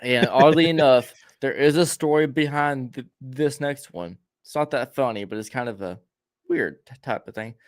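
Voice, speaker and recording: A man's voice: medium pitch, moderate pace, dry recording. Young man, podcast host, stammering rambler, casual chat, dry close sound. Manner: rambling storyteller, stammers and repeats words.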